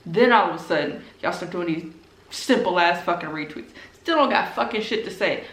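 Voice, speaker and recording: A woman's voice: medium pitch, fairly bright tone. A woman who makes book videos, angrily ranting straight at her viewers, blunt and profane and hammering her points through repetition. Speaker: BookTube creator. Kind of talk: angry direct-to-camera rant. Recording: roomy echo.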